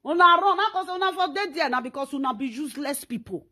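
A woman's voice: sits high, lively intonation, quick pace, pushed and bright. A Nigerian woman hosting her own talk show, delivering a scolding, insulting rant. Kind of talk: social media rant.

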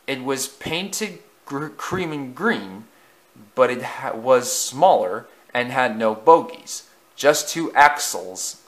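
A man's voice: medium pitch, fairly bright tone. A man narrating a storybook as an amateur reader, with frequent slips and self-corrections.

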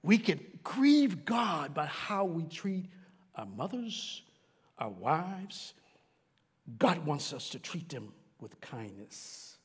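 A middle-aged man preaches from the pulpit, his pitch leaping and falling with wide expression. He builds to shouts, then drops to hushed, low lines. His voice is high for a man, and a long church-hall reverb trails after it. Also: big pitch swings, takes it slowly, husky. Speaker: pastor. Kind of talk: sermon. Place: church sanctuary.

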